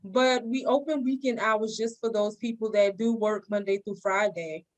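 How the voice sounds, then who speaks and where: A woman's voice: medium pitch, moderate pace, rough recording. A woman nurse, a guest on a podcast interview, explaining her work in an earnest, explanatory way. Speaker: nurse and co-founder of a recovery clinic, guest. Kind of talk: interview answers.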